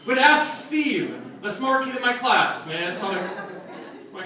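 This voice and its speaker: A man's voice: sits high, wildly swooping pitch, slow, long pauses, background noise. A young man performing a stand-up comedy set, telling loose, profane stories with asides to the audience. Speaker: stand-up comic. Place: comedy club stage. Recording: echoey club sound from a distant mic, crowd laughter. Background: audience laughing.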